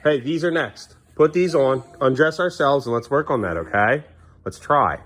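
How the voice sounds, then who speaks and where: A man filming a casual home vlog in a bathroom, coaxing his toddlers along and dropping quieter asides to the camera. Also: medium pitch, animated, moderate pace. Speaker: parent vlogger.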